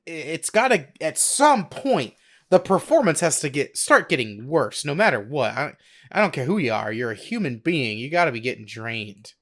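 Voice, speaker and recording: A man's voice: a little high, sing-song, moderate pace, a bit bright. A young man co-hosting a podcast in casual chat, hesitant, often stammering and restarting his sentences. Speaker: podcast co-host.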